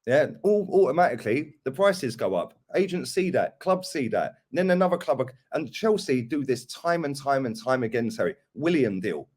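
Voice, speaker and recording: A man's voice: medium pitch, sing-song, moderate pace, hardly any pauses, darkish tone. A young man ranting about football transfers in casual chat, mocking other fans. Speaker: football fan pundit.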